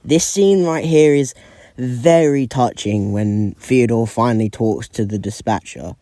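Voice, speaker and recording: Mellow, sincere male commentator. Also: mid-range voice, dry recording. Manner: sincere, measured. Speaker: guest commentator. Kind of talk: video commentary.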